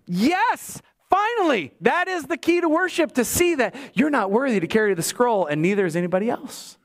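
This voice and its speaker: A man preaching a sermon in church, swinging between emphatic highs and low asides, with joking remarks to the congregation. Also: very animated, moderate pace, hardly any pauses. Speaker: pastor.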